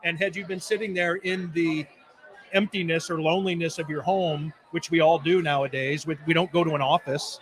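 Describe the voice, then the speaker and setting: Animated joking man chatting live. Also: on the high side, fairly quick. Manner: animated, joking, acts out what people say. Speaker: sports journalist guest. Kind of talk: casual chat. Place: pizza bar.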